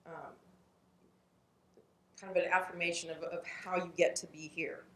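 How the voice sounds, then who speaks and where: A woman's voice: fairly low pitch, little pitch movement, normal speed, fairly bright tone. A woman close to tears giving an earnest, heartfelt graduation speech and telling a story. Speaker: program staff speaker. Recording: echoey hall.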